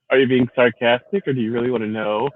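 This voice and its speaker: A man's voice: medium pitch, dry recording. Rambling, profane veteran man on a tinny line. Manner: profane, rambling, laughs often. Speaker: livestream host, Marine veteran. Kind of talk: casual livestream chat. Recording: tinny phone-like sound.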